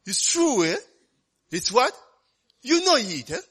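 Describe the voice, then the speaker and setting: A man preaching in a conversational, animated way, often tagging lines with "eh?". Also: extremely high pitch, takes it slowly, breathy edge. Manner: conversational, keeps asking "eh?" and "you know". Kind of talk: sermon.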